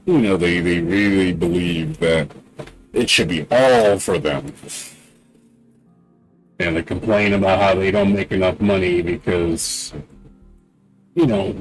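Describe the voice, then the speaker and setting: A man with a fairly low voice rants during a game livestream, indignant and circling back to the same points. He leans on fillers and repeats himself as he vents. Faint game music plays behind him. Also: expressive, measured pace, long pauses, low-quality recording. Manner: indignant, repetitive, many "you know" fillers. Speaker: game streamer. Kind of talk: casual rant during a livestream.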